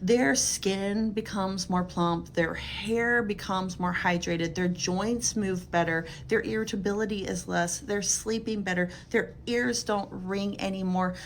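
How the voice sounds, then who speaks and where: A woman's voice: on the low side, vocal fry, a little hiss or hum. A middle-aged woman, a physical therapist, talking casually and earnestly to camera in a chatty, emphatic way.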